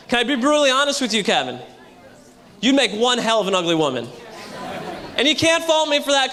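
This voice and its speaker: A man performs a stand-up set in a very high, bright, forceful voice and punches his lines out loud to the room. The live recording comes from a hotel ballroom stage, with a crowd faintly laughing behind him. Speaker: stand-up comedian. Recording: live room with audience audible.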